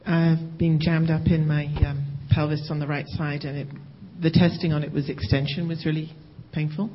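A man's voice: a little high, little pitch movement, moderate pace, dull audio. A man in a congregation hesitantly describing how his pain has changed. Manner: hesitant, quiet, reporting on pain. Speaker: congregation member giving feedback.

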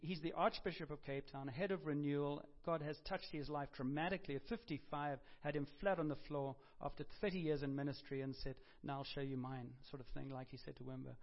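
A man's voice: on the high side, steady tone, a little fast, few pauses. Preacher, male, raised voice, chatty storytelling sermon, dull lo-fi recording. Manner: conversational storytelling with self-corrections and humor. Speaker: pastor. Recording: dull lo-fi sound.

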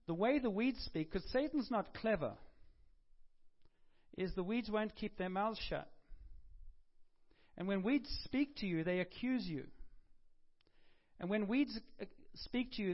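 A man preaching a sermon in a conversational way, with humorous asides and self-corrections. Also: high voice. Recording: dull lo-fi recording.

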